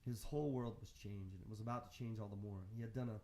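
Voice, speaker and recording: A man on a radio show reading the end of a story in a slow, reflective, spiritual tone. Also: lowish voice, fairly even intonation, mellow. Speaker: radio host finishing the story. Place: radio studio.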